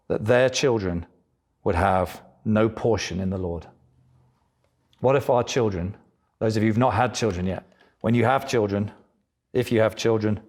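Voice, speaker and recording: A middle-aged man delivers a sermon in a lively, animated way, sometimes slipping into the voices of the people he describes. His voice sits low and has a husky, breathy edge. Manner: animated preaching, acts out voices of biblical figures. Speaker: preacher.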